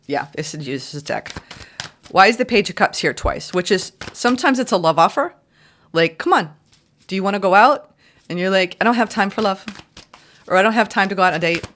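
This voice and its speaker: A woman's voice: expressive, normal speed, a bit bright. Chatty woman reading tarot. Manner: chatty, exclaiming, acts out quotes in high voices. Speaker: tarot reader.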